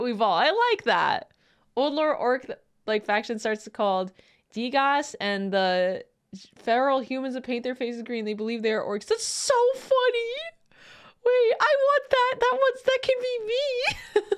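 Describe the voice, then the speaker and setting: High-voiced excitable woman streamer. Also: smooth. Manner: excitable, laughs often, swears. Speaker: streamer reacting to a video. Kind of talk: casual live-stream reaction.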